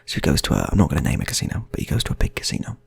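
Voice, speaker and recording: A man's voice: very deep voice, huge pitch swings, rapid-fire, gravelly, slightly rough. A man improvising funny stories in a rambling, playful way, often restarting his sentences. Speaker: storyteller. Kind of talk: improvised comic storytelling.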